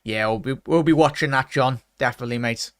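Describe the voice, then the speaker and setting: A man's voice: mid-range voice, fast talker, no echo, studio quality. Chatty man hosting a football livestream. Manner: chatty, greets viewers with "big up" and "mate". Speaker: watchalong livestream host. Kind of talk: casual live chat reading comments.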